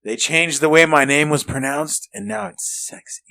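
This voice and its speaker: A man's voice: on the high side, normal speed, gravelly, sharp tone. A man co-hosting a podcast in casual chat, joking, laughing often and trailing off mid-thought. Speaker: podcast co-host.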